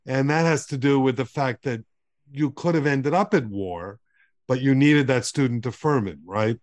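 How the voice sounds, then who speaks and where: A man's voice: mid-range voice, normal speed. A man hosting a literary podcast, asking long rambling questions that often end in "right?". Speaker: podcast host. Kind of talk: conversational interview.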